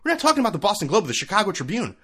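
A man's voice: high voice, huge pitch swings, very fast, pushed and bright, husky. A man ranting in a solo talk show, sarcastic and profane, firing off rhetorical questions. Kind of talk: solo opinion rant.

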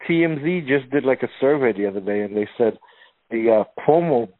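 A man's voice: mid-range voice, lively intonation, a little fast, no room sound. A man co-hosting a casual podcast, stammering and repeating himself, cracking crude jokes. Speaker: podcast co-host. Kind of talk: casual chat. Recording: tinny phone-like line.

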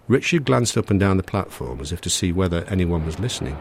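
Deep-voiced man reading a story. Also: lively intonation, fast, hardly any pauses, a little mellow, a little hiss or hum. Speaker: audiobook reader. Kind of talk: first-person story reading.

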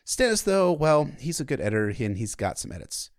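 A man's voice: fairly high pitch, big pitch swings, fairly quick, clean tone, no echo, clean studio sound. A man hosting a podcast, giving a casual book synopsis full of chatty, irreverent asides. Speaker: podcast host.

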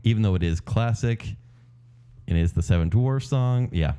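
A man's voice: fairly low pitch, expressive, moderate pace, mellow, smooth. A man in casual podcast chat, teasing and joking with mock outrage.

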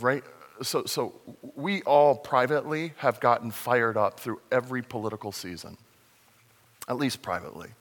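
A man preaching a conversational sermon as a pastor, animated and sometimes acting out the voices in the story. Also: medium pitch, big-room sound. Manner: conversational, animated, acts out voices in his retelling.

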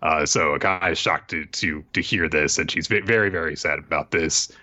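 A man's voice: extremely low pitch, fairly even intonation, brisk, hardly any pauses, pushed and bright. A man hosting a podcast, recapping an anime episode in loose casual chat with lots of fillers and restarts. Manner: rambling, many fillers and restarts.

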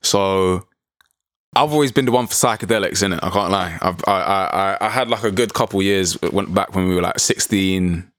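A young man, co-hosting a podcast in casual chat, full of slang and quick banter. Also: low voice, a bit bright, dry recording, studio quality.

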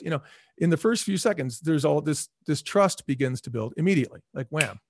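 Fast-talking animated man, dry sound. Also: on the high side, dry recording. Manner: energetic, acts out quoted voices. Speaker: guest, former restaurant chain CEO. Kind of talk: animated storytelling in a podcast interview.

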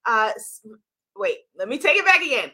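A woman's voice: on the high side, very animated, normal speed, sharp tone. A woman hosting a live stream as an author, talking casually with viewers, upbeat and greeting them by name. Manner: upbeat, laughs often, greets viewers one by one. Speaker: livestream host and author.

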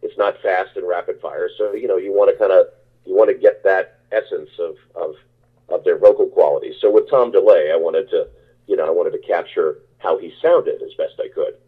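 A man with a very low, husky voice answers interview questions. He rambles, circles back and restarts his sentences. The sound is narrow and tinny, like a phone line. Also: fairly even intonation, normal speed. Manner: rambling, many restarts and fillers. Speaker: actor guest.

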